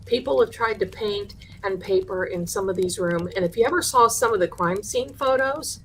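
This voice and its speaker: A woman hosting a live show, telling a haunted house story with lively energy and acting out the people in it. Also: medium pitch, normal speed, slight background noise. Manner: animated, acts out the people in her story. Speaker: host.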